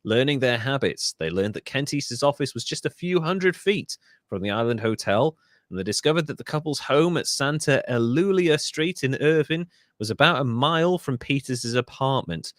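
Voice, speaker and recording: A man's voice: mid-range voice, expressive, moderate pace, dry recording. Welsh man telling a story, dry close sound. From Wales. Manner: reads a story aloud with asides and self-corrections. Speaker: podcast host. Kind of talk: casual storytelling podcast.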